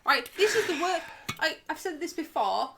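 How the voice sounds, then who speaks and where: A woman's voice: sits high, big pitch swings, moderate pace, background noise. A woman with a Yorkshire accent in casual chat on a stream, laughing often and swearing freely. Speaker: stream guest.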